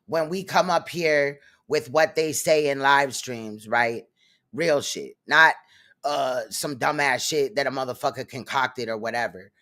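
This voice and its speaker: A man's voice: mid-range voice, a little slow, bright, forceful tone. A man hosting a casual commentary stream, talking bluntly and profanely with a rambling flow. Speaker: host.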